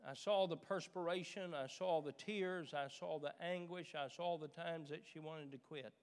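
A middle-aged male pastor preaching in a church sanctuary, his voice pitched a little high for a man. He builds to fervent peaks and drives his points home with repetition. The long reverb of the hall hangs behind every phrase. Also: normal speed, clean tone. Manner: preaching with rising fervor, repeating phrases. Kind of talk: sermon.

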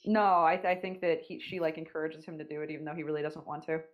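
Young woman with a low voice, teasing host. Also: fairly even intonation, fast, lo-fi sound. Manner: giggly, teasing. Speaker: podcast host reading listener questions. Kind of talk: casual chat.

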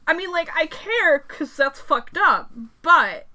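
Bright high-pitched woman, podcast cohost, loud reactions, swears a lot. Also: sing-song, takes it slowly. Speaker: podcast co-host. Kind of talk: casual podcast chat.

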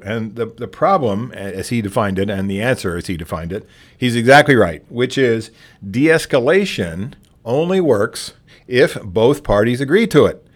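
Using a mid-range voice, a man leads a conversational, plainspoken training session about settling down difficult patrons, frequently restarting his phrases and performing example exchanges.

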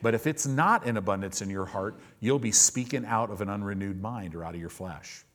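Animated male pastor preaching a sermon. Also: lowish voice, brisk. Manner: animated, swings between soft asides and loud acted-out quotes. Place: church sanctuary.

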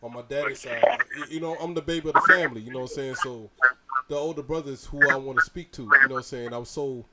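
A man's voice: medium pitch, quick pace, a crowd in the background. A man in his mid-thirties hosting a podcast, slangy and swearing, stammering as he gets emotional and teary. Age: 30s. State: emotional, tearing up. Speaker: podcast host. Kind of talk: casual podcast chat.

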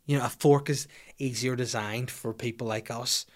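A man's voice: mid-range voice, fairly even intonation, normal speed. A young man hosting a comedy podcast, swearing freely and acting out little scenes as he rants. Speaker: podcast host.

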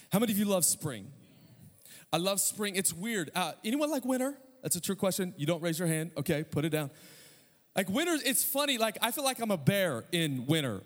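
A male pastor preaching an emphatic sermon, asking his congregation rhetorical questions. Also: high voice. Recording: long hall reverb.

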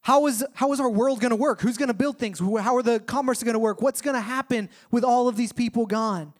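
A worried ancient king fires off one exasperated question after another. His voice sits fairly high, as a man acts him out from the pulpit. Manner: exasperated, rapid-fire questions.

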